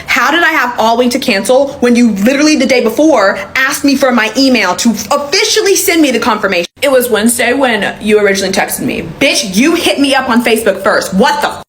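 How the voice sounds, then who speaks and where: A young woman vlogger telling a storytime in an animated, exasperated way, swearing as she goes. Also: a little high, normal speed. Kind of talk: storytime vlog.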